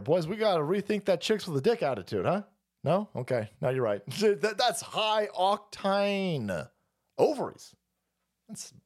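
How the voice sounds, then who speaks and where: A man's voice: high voice, a little mellow. A man hosting a ranting political commentary stream, profane and mocking, sometimes putting on whiny voices to mock opponents. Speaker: streamer host.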